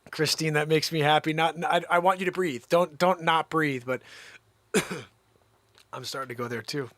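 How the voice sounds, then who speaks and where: A man hosting a livestream, riffing an improvised comedy rant to his chat, animated and jumping between put-on voices and whispers. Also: on the high side, a little slow, pauses often, no room sound. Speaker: livestream host.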